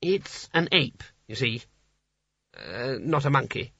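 A man's voice: mid-range voice, sing-song, slow, vocal fry, a bit bright, breathy edge, no room sound, highs cut off, heavily acted. A man voicing a small, timid male wizard who speaks nervously and hesitantly. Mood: meek.

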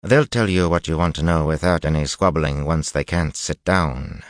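A man voicing a grim, blunt woman jailer who speaks slowly and means what she says. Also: a bass voice, no echo, clean studio sound.

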